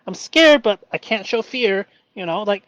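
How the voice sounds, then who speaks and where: A man hosting a live stream, talking through his feelings in an earnest, halting way with many fillers. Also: high voice, a bit bright, no echo. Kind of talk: emotional self-reflective live stream.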